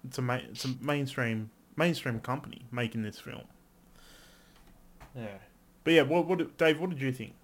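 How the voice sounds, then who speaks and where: In casual podcast talk, this male co-host speaks in a mid-range voice, animated and ready to swear, with his pitch spiking when excitement hits.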